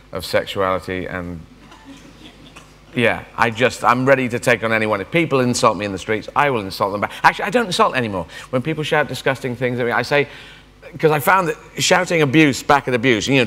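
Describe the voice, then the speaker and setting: A man's voice: mid-range voice, a bit bright. A man in his fifties giving a rambling, self-mocking stand-up keynote at a conference. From England. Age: 50s. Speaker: guest speaker. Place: large conference hall. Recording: long reverb of a big hall.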